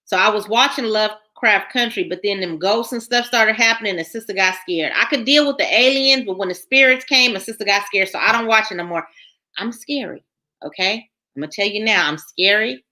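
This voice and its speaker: A woman, hosting a casual livestream, reading viewers' comments aloud and chatting in a lively way, repeating herself often. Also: medium pitch, a little fast. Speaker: channel host reading live chat.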